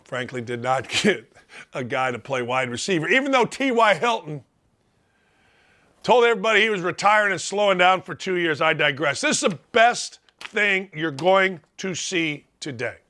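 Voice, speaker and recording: A man's voice: a little high, pushed and bright. A middle-aged man hosting a sports talk show, delivering a brash, sarcastic monologue and mocking the people he talks about.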